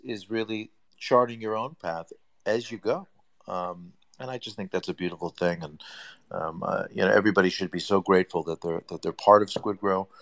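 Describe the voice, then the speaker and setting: A man on an audio chat, giving long, rambling, effusive praise in a casual way. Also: low voice. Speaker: community member on an audio chat.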